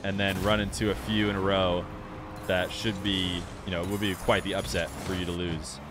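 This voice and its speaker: A young man streaming a game and chatting casually with his viewers in a relaxed, rambling way. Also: sits low, normal speed, noisy background. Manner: relaxed, rambling, talks straight to chat. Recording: music playing clearly behind the voice.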